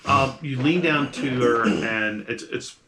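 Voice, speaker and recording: A man's voice: medium pitch, slow pace, a crowd in the background. A man narrating as the game master of a tabletop role-playing game, in a casual, rambling way with many fillers.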